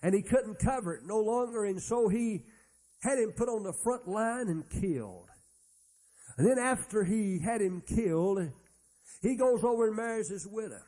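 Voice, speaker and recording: A man's voice: high-pitched, lively intonation, normal speed, mellow. A man preaching a sermon, retelling Bible stories in a folksy way and acting out the characters' lines. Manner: folksy storytelling, acts out Bible characters' dialogue.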